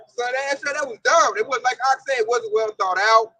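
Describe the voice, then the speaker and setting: A man's voice: very high voice, a little fast, low-quality recording. A man leading a casual religious discussion, telling stories animatedly and acting out what people said. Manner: animated storyteller acting out quotes.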